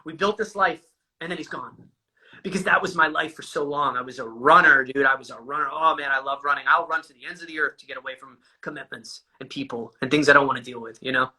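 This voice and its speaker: Bright-voiced man talking candidly. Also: a little high, quick pace, husky, rough recording. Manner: casual and profane, says "dude" constantly. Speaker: guest sharing a recovery story. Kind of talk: candid conversational storytelling.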